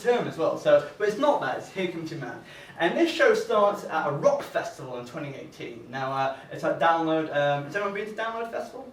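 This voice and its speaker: A man's voice: on the high side, big pitch swings, fairly quick, reverberant, distant mic, a little hiss or hum. A young man doing stand-up in front of an audience, hesitant, with lots of fillers and restarts, laughing often. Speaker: stand-up comedian. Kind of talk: stand-up comedy set. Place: comedy venue with live audience.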